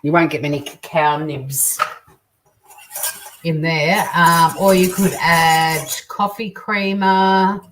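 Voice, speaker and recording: An Australian woman with a low voice hosts a loose, chatty cooking stream, cracking crude jokes and replying to viewers. She sits back from the mic, and faint clinks of dishes and cutlery come through from her kitchen. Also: steady tone, takes it slowly, fairly bright tone, distant mic, a little hiss or hum. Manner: chatty, crude joking, reads out viewer comments. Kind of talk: casual live cooking chat. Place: home kitchen.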